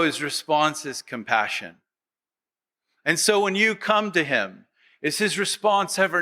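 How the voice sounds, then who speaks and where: A man's voice: a little high, lively intonation, a little slow, pushed and bright. A male pastor preaching a sermon, asking the congregation rhetorical questions and acting out their voices. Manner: acts out quoted voices of the congregation; repetitive, rhetorical questions to the audience.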